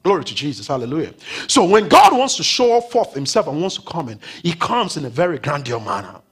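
A male pastor preaching a sermon in a church, swinging from loud declarations to hushed, whispered words. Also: fairly high pitch, big pitch swings, fairly quick, husky. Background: faint keyboard music.

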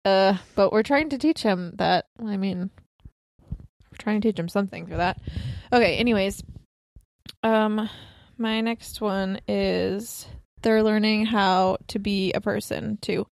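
A woman's voice: medium pitch, measured pace, creaky, no echo. Chatty young woman on a podcast. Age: 20s. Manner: chatty, lots of "like" and laughs. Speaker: podcast co-host. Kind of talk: casual chat.

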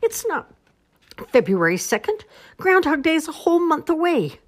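Storybook squirrel, male, fussy, high indignant exclaiming, read by a woman. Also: sing-song, normal speed.

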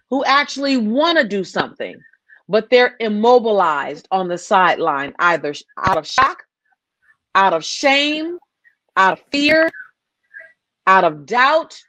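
A woman's voice: mid-range voice, fairly bright tone, no room sound. Woman director, interview guest; earnest, emphatic delivery with false starts, dry recording. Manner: passionate, repeats and restarts phrases. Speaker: filmmaker guest. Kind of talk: interview conversation.

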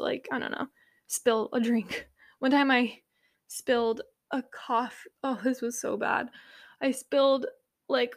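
A young adult woman talks alone on her podcast in a loose, candid monologue, her voice sitting slightly high. She fills her sentences with "like", swears without fuss and catches and fixes her own slips on the fly. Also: gravelly. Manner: chatty, heavy use of "like", candid and swears casually; self-correcting, laughs at own slips. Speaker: podcast host.

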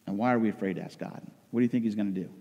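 A man preaching a sermon as pastor, swinging between loud emotional outcries and hushed intensity. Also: on the low side, rapid-fire, in a large hall.

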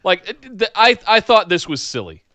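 A man co-hosting a podcast in casual chat, with halting restarts and brief agreements. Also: high voice, sing-song, pushed and bright, dry recording. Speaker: podcast co-host.

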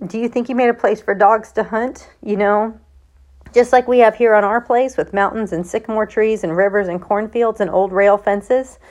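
A woman voicing a grieving young farm boy who speaks in a quiet, pleading way, in a plain reading of a storybook. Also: medium pitch, fairly even intonation, moderate pace, close to an everyday voice.

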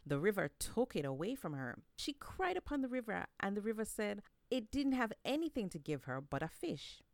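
A woman telling folk tales aloud with an expressive, read-aloud delivery. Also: mid-range voice, moderate pace, creaky, no echo. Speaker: storyteller. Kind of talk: storytelling narration.

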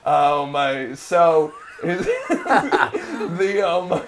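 Young male co-host, slightly high voice, rambling, profane, filler-heavy casual recap. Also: wildly swooping pitch, drawn-out words, background noise. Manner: rambling, swearing often, laughing, many fillers and restarts. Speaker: podcast co-host recapping an episode. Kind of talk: casual chat.

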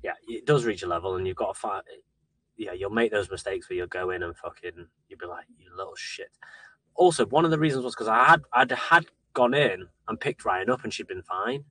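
A young man co-hosting a podcast, telling sweary, animated stories about parenting in casual chat. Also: lowish voice, fairly quick. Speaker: podcast co-host.

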